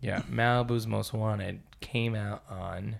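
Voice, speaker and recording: A man co-hosting a podcast who chats in a relaxed way and chimes in with short reactions and asides. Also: on the low side, slow, vocal fry. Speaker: podcast co-host. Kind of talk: casual chat.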